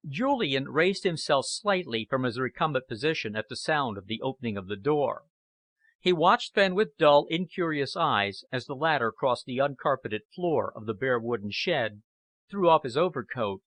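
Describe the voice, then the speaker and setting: A man narrating an audiobook in a steady, even reading. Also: medium pitch, normal speed, no echo.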